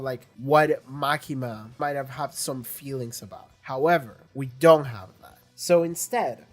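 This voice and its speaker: A man rambling through casual reaction commentary, retelling scenes and thinking aloud as he goes. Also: fairly high pitch. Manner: animated storytelling, acts out quotes. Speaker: reaction video host.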